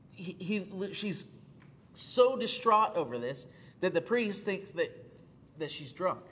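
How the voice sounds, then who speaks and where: Male pastor mid-sermon, slightly high voice, earnest, repeats himself for emphasis. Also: breathy edge. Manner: earnest, repeats phrases for emphasis, frequent "uh" fillers.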